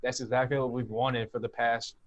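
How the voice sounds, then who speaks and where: A man's voice: medium pitch, little pitch movement, brisk. A man co-hosting a casual podcast, rambling enthusiastically. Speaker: podcast co-host. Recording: slightly dull lo-fi audio.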